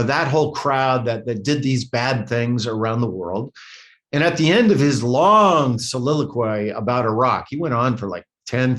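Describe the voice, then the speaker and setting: A man's voice: medium pitch, fairly bright tone. Older American man, interview guest; earnest, conversational, restarts often, mid-range voice. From United States. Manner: earnest, repeats words, many "you know" and "uh" fillers. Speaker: former ambassador, interview guest.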